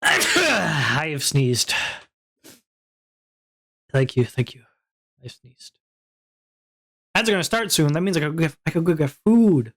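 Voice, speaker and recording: Slow, goofy VTuber streamer chatting. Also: mid-range voice, very animated, fairly bright tone. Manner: playful, goofy, jokey banter; reads chat messages aloud and answers them. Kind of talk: casual live-stream chat with viewers.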